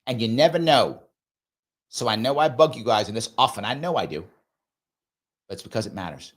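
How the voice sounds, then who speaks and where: Earnest man with a lively voice. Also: mid-range voice, brisk. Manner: earnest and conversational, acts out quoted dialogue. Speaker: host of a live discussion show. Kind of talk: casual live monologue.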